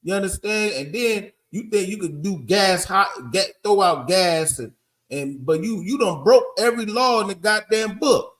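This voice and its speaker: A man's voice: high voice, normal speed, fairly bright tone. A man teaching a group in a blunt, emphatic street-preaching style, often checking that listeners understand. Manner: emphatic, keeps asking "you understand?"; blunt and profane.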